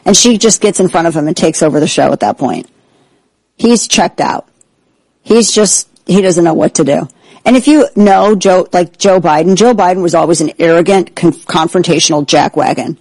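A woman's voice: fairly low pitch, lively intonation, moderate pace, a little mellow, no room sound, low-quality recording. A woman hosting a political talk show, delivering indignant, sarcastic commentary.

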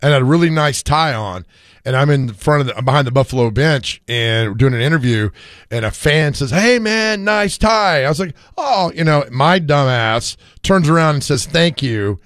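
A middle-aged man hosting a casual sports radio chat, slightly hoarse from screaming, telling stories with frequent laughter. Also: mid-range voice, moderate pace, dry recording, clean studio sound. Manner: animated storyteller, laughs often.

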